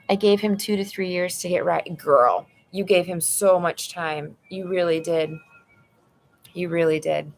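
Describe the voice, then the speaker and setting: Creaky-voiced woman giving a blunt tarot reading. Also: fairly low pitch, unhurried. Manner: blunt, chatty, addresses viewer as "girl". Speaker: tarot reader. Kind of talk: live tarot reading, casual chat. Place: apartment room at home. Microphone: phone.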